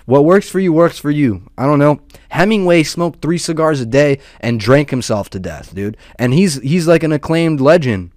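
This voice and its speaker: A man's voice: mid-range voice, darkish tone, dry recording, studio quality. A young man rambling casually and profanely, peppering his talk with "dude" and "man". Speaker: podcast host.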